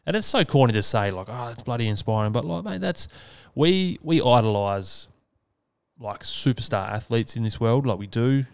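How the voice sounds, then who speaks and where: A man's voice: mid-range voice, expressive, normal speed, creaky, smooth, no echo, clean studio sound. An Australian man hosting a solo podcast, talking casually and earnestly, swearing freely. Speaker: podcast host.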